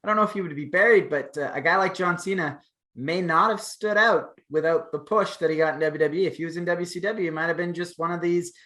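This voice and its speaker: A man's voice: on the high side, brisk, a bit bright. A man in his thirties co-hosting a casual wrestling chat show, talking in long rambling runs with fillers and restarts. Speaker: podcast co-host.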